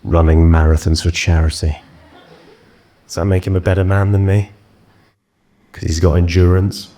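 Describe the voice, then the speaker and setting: A man's voice: low-pitched, level tone, normal speed, dark tone. A young English man doing stand-up comedy on stage, self-mocking and rambling in his delivery. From England. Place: on stage before a live audience.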